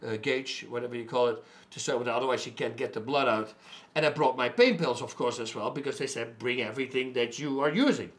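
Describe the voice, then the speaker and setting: A middle-aged man, a fighter, telling a personal story in an animated way that turns loud and emphatic. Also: mid-range voice, fairly quick. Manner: animated, gets loud and emphatic when indignant.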